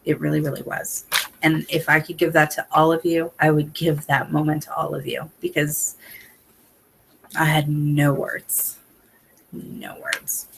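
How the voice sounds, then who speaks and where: A woman's voice: deep voice, completely flat delivery, normal speed, vocal fry, a little hiss or hum. Chatty woman giving team tips. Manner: chatty, many fillers, earnest and emotional. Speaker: independent sales consultant. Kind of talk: casual motivational talk to a sales team.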